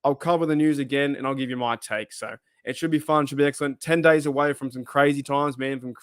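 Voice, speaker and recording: A man's voice: mid-range voice, fairly even intonation, quick pace, a bit bright, clean tone, no echo, studio quality. A man talking casually to the camera as a sports YouTuber, rambling and thinking aloud with frequent asides. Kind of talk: casual solo video commentary.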